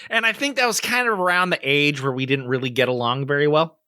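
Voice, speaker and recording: A young adult man co-hosting a podcast, telling stories in a casual, animated way and acting out the voices in them. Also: a little high, quick pace, clear, resonant tone, no room sound, clean studio sound. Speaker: podcast co-host. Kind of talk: casual storytelling chat.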